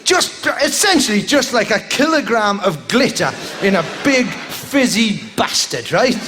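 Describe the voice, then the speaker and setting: A man doing a live stand-up routine, rambling and tagging lines with "right?", breaking into sudden shouts. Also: high voice, big pitch swings, unhurried. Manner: bursts into shouts. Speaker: stand-up comedian. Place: live comedy venue with audience. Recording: live show with crowd noise.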